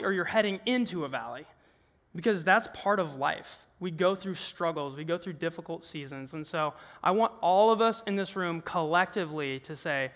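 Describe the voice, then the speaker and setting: Young male preacher, high and bright voice, earnest and conversational, long hall reverb. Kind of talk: sermon. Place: large worship room with an audience.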